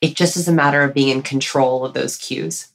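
A woman's voice: a bass voice, steady tone, brisk, creaky. A woman author, a podcast guest, talking casually and energetically, explaining her ideas in a playful way. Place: standing while recording.

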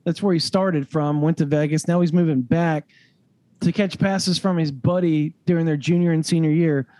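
Chatty man with a mellow voice. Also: fairly high pitch, normal speed, no room sound. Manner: rambling, filler-heavy, animated. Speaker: recruiting analyst co-host. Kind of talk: casual sports podcast chat.

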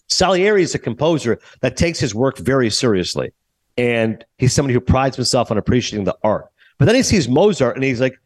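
A man's voice: medium pitch, no echo. A man hosting a podcast, chatting casually about a movie and acting out characters' lines. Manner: animated, acts out characters' lines. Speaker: podcast host. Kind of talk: casual movie review chat.

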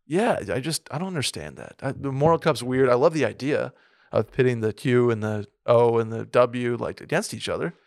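Rambling podcast co-host, dry sound. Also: male voice, mid-range voice, a little fast, vocal fry, darkish tone, no room sound. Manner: rambling, many restarts and fillers. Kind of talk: casual sports podcast chat. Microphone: studio mic with a soundboard.

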